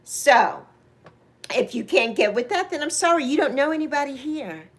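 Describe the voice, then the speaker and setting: A woman in her sixties hosting a casual livestream chat. She greets viewers by name, speaks openly about her feelings, laughs easily and swoops up into excited highs. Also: normal speed. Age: 60s. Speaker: livestream host.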